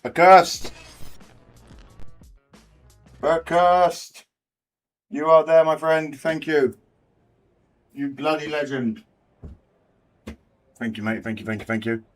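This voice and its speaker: A man's voice: mid-range voice, fairly even intonation, a little slow, long pauses, faint music behind. An English man hosting a live race watch party, bantering with his chat and swearing freely. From England. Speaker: livestream host.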